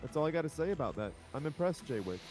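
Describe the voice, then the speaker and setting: A man's voice: a little high, sing-song, fast, a little mellow, soft background music. A man co-casting a live stream over an online call, talking in a rambling, enthusiastic way. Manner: rambling, enthusiastic, self-correcting. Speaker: co-caster. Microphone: home microphone over an online voice call.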